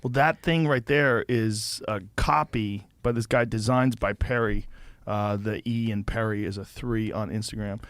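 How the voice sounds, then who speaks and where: A man's voice: lowish voice, steady tone, measured pace, fairly bright tone, no room sound. A man hosting a podcast, giving short reactions and reading details off a screen in a casual chat. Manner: brief reactions, reads from a screen. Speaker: podcast host. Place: podcast studio. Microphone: studio mic.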